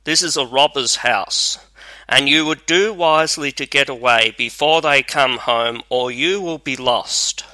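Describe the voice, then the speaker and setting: A man's voice: medium pitch, unhurried, pushed and bright, no room sound, rough recording. A man voicing a kindly old woman who warns guests in a storybook reading, earnest and cautioning. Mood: warning.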